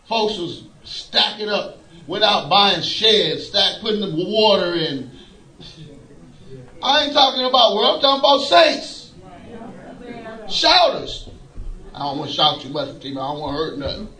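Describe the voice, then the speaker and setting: A man preaching a folksy sermon, laughing often and rising to shouts. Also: sits high, sing-song, unhurried, pauses often, echoey room, low-quality recording.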